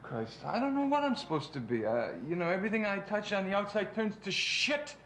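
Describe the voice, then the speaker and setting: A man's voice: sits high, animated, fairly quick, a bit bright, slight background noise. An actor playing an anxious, self-pitying man in a film clip, rambling as he falls apart. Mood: distraught. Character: anxious down-and-out man, weepy and rattled. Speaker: film character in a played clip.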